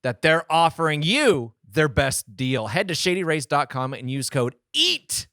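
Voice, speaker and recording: A man's voice: fairly high pitch, sing-song, a little slow, bright, forceful tone, no room sound, studio quality. A man co-hosting a podcast, reacting with chuckles and reading a sponsor spot casually. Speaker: podcast co-host. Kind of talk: casual chat and ad read.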